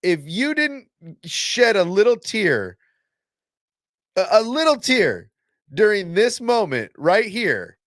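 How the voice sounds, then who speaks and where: A man hosting a casual fan reaction video, excitable and blunt, swearing and restarting his sentences often. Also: high-pitched, slow, no echo, studio quality.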